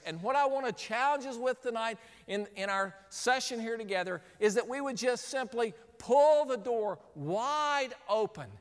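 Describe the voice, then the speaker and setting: A man with a high voice gives a sermon, telling a story with lively, acted-out moments. His voice rings through a large hall with a long reverb tail. He switches between plain teaching and playing out the scenes he describes. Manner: animated storyteller, acts out scenes. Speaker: speaker.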